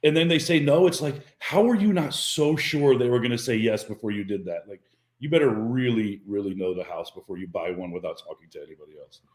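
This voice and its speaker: Man, fast talker, echoey room, video call, offhand opinions. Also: lowish voice. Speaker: real estate agent guest. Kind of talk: casual video call chat.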